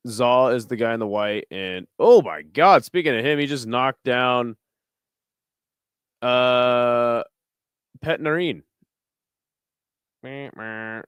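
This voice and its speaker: A relaxed, foul-mouthed man hosts a late-night fight watch-along and trades jokes with his chat. His voice comes through smooth and clear, recorded dry on a close desk mic with no room sound. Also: mid-range voice, slow pace, pauses often, no room sound. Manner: laid-back, profane, jokey asides to chat. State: tired, burping. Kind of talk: casual live commentary.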